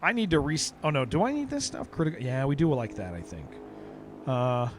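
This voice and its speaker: Over music, a man with a slightly high voice and huge pitch swings talks fairly quickly while streaming a game. His casual chat rambles, with frequent sentence restarts and plenty of dude.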